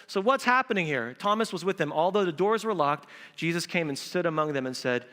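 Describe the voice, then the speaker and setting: A male pastor preaching an Easter sermon in a church, animated and acting out quotes in different voices. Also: on the high side, brisk. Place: church sanctuary. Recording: reverberant church hall.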